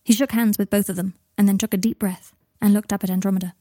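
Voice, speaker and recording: A woman narrating a story aloud in a calm, even storytelling manner. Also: mid-range voice, quick pace, no room sound. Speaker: reader. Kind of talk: audiobook narration of fiction.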